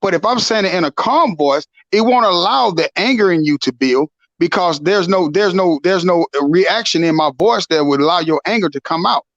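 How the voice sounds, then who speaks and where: A man in a casual podcast conversation, calmly explaining and affirming others. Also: high-pitched, moderate pace, few pauses, dry recording, dull audio. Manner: calm, explanatory, affirming with "right" and "real".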